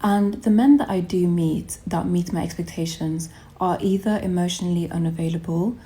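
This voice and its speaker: Casting note: woman, emphatic opinion vlogger, mellow lowish voice. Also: steady tone. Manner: emphatic, deliberate, repeating points. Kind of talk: opinion vlog.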